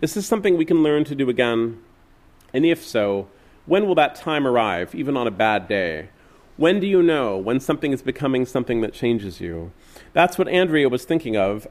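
A man reading literary fiction aloud in a measured, wistful way. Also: medium pitch. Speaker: reader.

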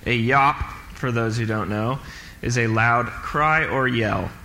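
A man's voice: medium pitch, takes it slowly, gravelly, pushed and bright, heavily acted. A man reading a stern, urging schoolteacher. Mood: coaxing. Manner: urging, commanding. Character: stern inspiring male schoolteacher. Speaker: intern reading a part. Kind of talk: staged script reading. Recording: echoey hall, faint noise.

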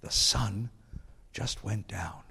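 A man impersonating an elderly male rabbi-philosopher with a European accent, speaking in a breathless, hushed voice. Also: fairly low pitch, takes it slowly, gravelly, slightly rough, pitched below the performer's own voice, heavily acted. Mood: hushed wonder. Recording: reverberant hall.

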